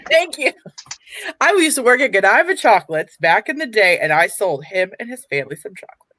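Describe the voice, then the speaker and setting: A woman hosting a comedy show, chatting casually on stage in an unhurried, lightly amused way. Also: medium pitch, sing-song, fairly bright tone, a little hiss or hum.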